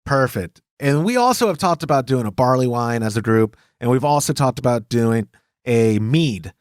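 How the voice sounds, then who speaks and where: A man's voice: mid-range voice, moderate pace, clear, resonant tone, dry recording, studio quality. A man from Texas with a Texan accent, hosting a casual homebrew podcast, joking and reading listener emails aloud. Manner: lively, jokey, reads listener emails aloud. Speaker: podcast host.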